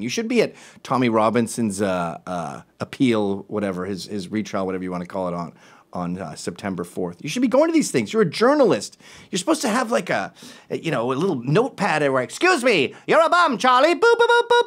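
A man hosting opinion commentary, ranting in an animated, sarcastic way. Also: mid-range voice. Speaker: host.

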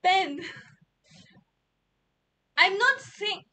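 A woman's voice: very high-pitched, sing-song, drawn-out words, bright, forceful tone. A young woman from India chatting casually on a livestream, playful and giggly, repeating words over and over. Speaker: streamer.

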